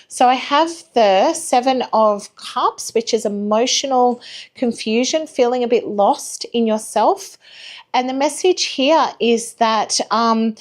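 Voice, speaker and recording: A woman giving a live tarot reading, reassuring, apologetic and gently chatty. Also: fairly high pitch. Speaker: tarot reader.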